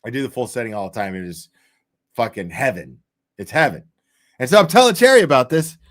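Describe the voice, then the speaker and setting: A man's voice: mid-range voice, sing-song, fairly quick. A man hosting a livestream, chatting casually in profane, rambling, jokey rants. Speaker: livestream host.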